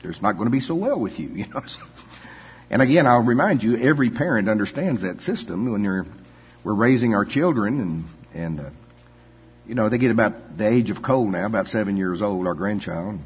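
Brief: older male pastor, low husky voice, chatty folksy delivery, dull echoey church hall. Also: expressive, normal speed. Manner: folksy, full of "you know" asides and chuckles. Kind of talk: conversational sermon.

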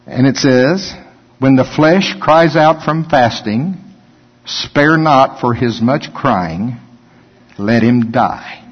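Husky preacher in a reverberant hall. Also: male voice, mid-range voice, lively intonation, takes it slowly. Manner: conversational, joking, acts out whiny voices. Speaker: pastor. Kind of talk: sermon. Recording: dull sound with long hall reverb.

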